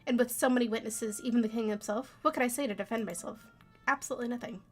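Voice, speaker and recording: A woman's voice: on the high side, fast talker, lightly acted. A woman voicing a polite, earnest young male prince who speaks formally as he recounts events. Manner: courteous, formal storytelling.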